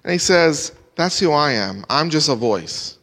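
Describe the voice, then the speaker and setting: Male preacher, expository sermon, animated rises and hushed drops, church hall echo. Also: fairly high pitch, a little slow. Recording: long hall reverb.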